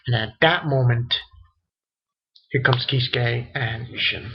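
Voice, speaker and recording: A young man talks through a manga chapter in a loose, rambling way, swearing freely and laughing as he goes. His voice is husky and sits at a middling pitch. The recording is dull and lo-fi, like a cheap home setup. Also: fairly even intonation, normal speed. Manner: rambling, profane, reads quotes aloud with laughs. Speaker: manga reviewer. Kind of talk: casual spoken manga review.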